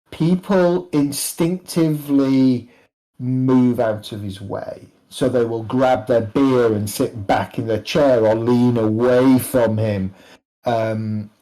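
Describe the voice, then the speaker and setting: A man running a tabletop game as game master, narrating in an unhurried, descriptive way with frequent restarts. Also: medium pitch, warm tone, low-quality recording.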